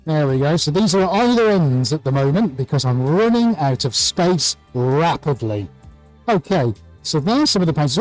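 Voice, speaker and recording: A man's voice: on the high side, no room sound, low-quality recording. A man hosting a live painting tutorial from his art studio, chatting cheerfully and greeting viewers by name. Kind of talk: live-stream chat and demonstration.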